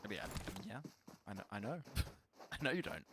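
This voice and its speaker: Casting a mobile game tournament live, a young Frenchman with a French accent jokes, laughs easily, and gets excited on the big plays. He talks a little fast in a lowish voice, with slight background noise.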